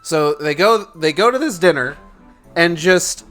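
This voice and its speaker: A man's voice: fairly high pitch, expressive, unhurried, fairly bright tone, soft background music. A man casually recapping a movie plot as a streamer, in a rambling way full of swearing and fillers.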